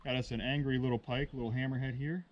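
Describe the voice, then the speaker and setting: A man giving casual, slangy running commentary while fishing from a boat on a remote lake, laid-back and quick to get excited over a catch. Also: medium pitch, lo-fi sound. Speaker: outdoor vlogger and angler. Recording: distant voice over loud outdoor noise.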